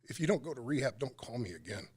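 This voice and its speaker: A middle-aged man, a radio talk show co-host, telling a personal story in a podcast interview, halting and emotional with many pauses. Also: mid-range voice, big pitch swings, darkish tone, breathy edge.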